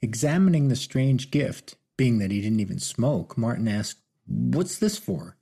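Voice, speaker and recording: A man narrating an audiobook in a steady, unhurried reading. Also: medium pitch, husky. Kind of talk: scripted narration.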